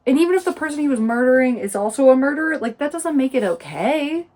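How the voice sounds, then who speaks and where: A woman's voice: high-pitched, lively intonation, fast, hardly any pauses, darkish tone. Sarcastic woman recapping a book. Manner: sarcastic, indignant. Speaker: book reviewer.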